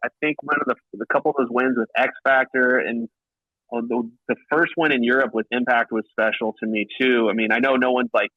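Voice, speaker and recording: A man who plays paintball professionally, a podcast guest telling stories in a casual, animated way, full of restarts and acted-out quotes. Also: brisk, dry recording, lo-fi sound. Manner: animated, acts out quotes with pitch jumps and frequent restarts. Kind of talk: casual storytelling chat. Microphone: remote call line.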